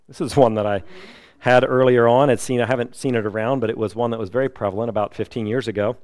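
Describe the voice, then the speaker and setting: A middle-aged man preaching a sermon, lively and emphatic, now and then acting out the people he quotes. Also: medium pitch, fast, no room sound, studio quality. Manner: animated preaching, acts out quoted voices. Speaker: pastor.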